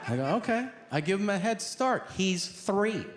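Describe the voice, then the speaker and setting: A middle-aged man doing stand-up, telling profane stories and acting out characters in an animated way. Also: high voice, normal speed. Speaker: stand-up comedian. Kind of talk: stand-up comedy storytelling. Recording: live stand-up set with background noise.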